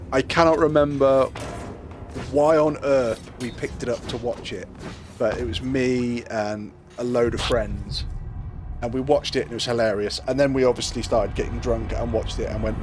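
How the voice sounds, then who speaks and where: A man's voice: medium pitch, moderate pace, slight background noise. A man streaming a video game live, chatting playfully and rambling, often laughing. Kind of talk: live gameplay commentary. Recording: game music playing behind. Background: video game music.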